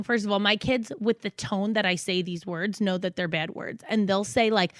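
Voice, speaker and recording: Blunt, swearing mom on a podcast. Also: female voice, medium pitch, steady tone, normal speed, few pauses, fairly bright tone, clear, resonant tone, no echo. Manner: blunt, frank, swears freely, acts out quotes. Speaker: podcast host, mother. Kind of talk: casual podcast chat.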